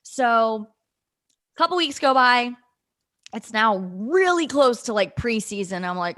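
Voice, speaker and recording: Young woman telling an animated story. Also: mid-range voice, normal speed. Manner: animated, acts out quoted dialogue with fillers. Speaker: podcast guest, former in-game host. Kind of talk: casual storytelling on a podcast.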